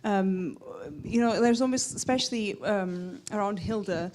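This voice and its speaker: A woman's voice: mid-range voice, a little slow, darkish tone. A woman moderating a film panel who asks long, rambling questions full of fillers. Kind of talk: interview questions.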